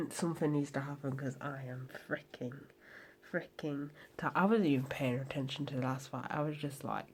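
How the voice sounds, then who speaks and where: A woman's voice: extremely low pitch, a little mellow, a little hiss or hum. A tired young woman talking casually at home late at night, sweary and rambling, sometimes dropping to a whisper. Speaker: vlogger.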